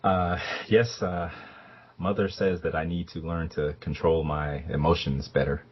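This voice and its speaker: A man voicing a halting, overly polite young man. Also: deep voice, steady tone, a little hiss or hum. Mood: earnest. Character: earnest, formal young man, emotional but trying to be proper. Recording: dull, lo-fi sound.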